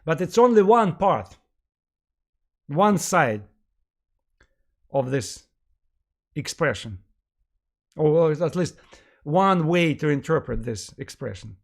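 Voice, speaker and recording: A man giving a history lecture to a class, emphatic and animated, who often asks rhetorical questions and uses many fillers. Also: on the high side, takes it slowly, long pauses.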